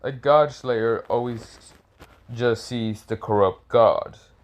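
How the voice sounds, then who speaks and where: A man's voice: mid-range voice, slow, lightly acted. A man voicing a chorus of mighty male gods who speak grandly and carelessly to a child in a fan-made story. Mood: amused.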